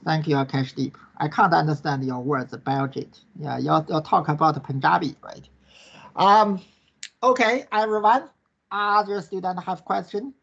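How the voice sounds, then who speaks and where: A man's voice: on the high side, unhurried, gravelly, fairly bright tone. A male course instructor answering questions in an online class, in non-native English that tags most sentences with "right?" and "okay?". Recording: dull lo-fi online class recording.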